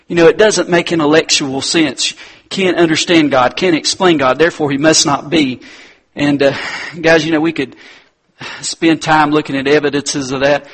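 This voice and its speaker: Husky-voiced man giving a chatty sermon. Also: on the high side, normal speed. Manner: relaxed, chatty, addresses listeners as guys. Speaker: preacher. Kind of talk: conversational sermon.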